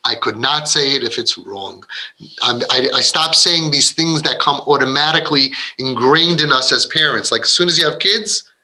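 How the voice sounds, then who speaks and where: A man speaks at normal speed in a mid-range, sharp-toned voice, captured on a low-quality recording. As a parenting speaker, he gives parents a heartfelt, rambling motivational talk, often breaking off to restart and acting out the words of children and parents.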